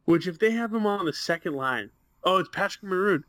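A young man talking sports on a webcam podcast, swearing freely as he vents about his teams. His voice sits a little high and the sound is dry with no room echo. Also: expressive, brisk, a bit bright. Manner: profane, heated, ranting. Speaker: podcast co-host. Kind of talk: casual sports chat.

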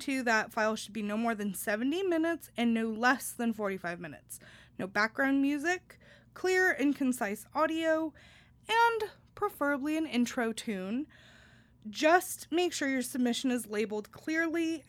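A young woman hosting a podcast, reading announcements and chatting in an upbeat way with many fillers and restarts. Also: fairly high pitch. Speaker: podcast host. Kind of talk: casual podcast chat with announcements.

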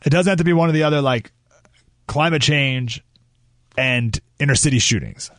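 A man's voice: mid-range voice, normal speed, fairly bright tone, dry recording. A man hosting a radio talk show, delivering an opinionated monologue with emphatic restarts and asides, recorded on a studio microphone.

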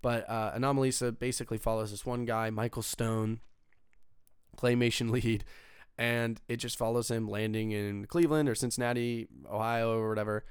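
Young male film reviewer, loose and profane, lots of fillers, mid-pitched and crisp. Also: fairly even intonation, moderate pace, dry recording, clean studio sound. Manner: rambling, profane, filler-heavy. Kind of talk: casual spoken movie review.

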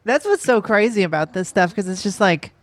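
Young female co-host, easygoing hesitant chat, mid pitch, dry recording. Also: animated, fairly quick, no echo. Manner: laughs easily, hesitant with fillers. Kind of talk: casual chat.

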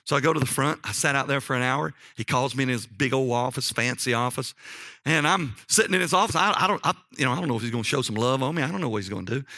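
A middle-aged man preaching a sermon, telling personal stories in a folksy, animated way and often checking in with "okay?". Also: mid-range voice, quick pace, dry recording, clean studio sound.

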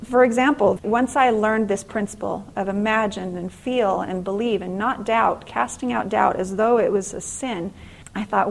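A middle-aged woman speaking to an audience in an inspirational faith-based talk, telling stories in an earnest, animated way. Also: medium pitch, normal speed, vocal fry, low-quality recording.

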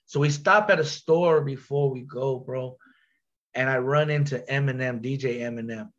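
A man telling a story on a podcast in a casual, animated way, full of slang, repeats and restarts. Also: mid-range voice, moderate pace, dull audio.

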